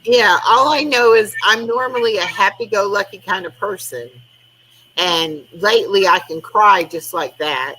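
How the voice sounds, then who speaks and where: A woman's voice: mid-range voice, a little slow, sharp tone, slight background noise, low-quality recording. An older woman, chatting casually on a live stream over a video call and acting out conversations as she tells stories. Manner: chatty storytelling, acting out quoted talk. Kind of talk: casual chat.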